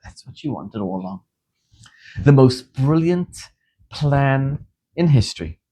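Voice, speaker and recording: A man from Zimbabwe, a rabbi, giving a sermon in an animated, emphatic storytelling manner. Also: medium pitch, takes it slowly, a little hiss or hum.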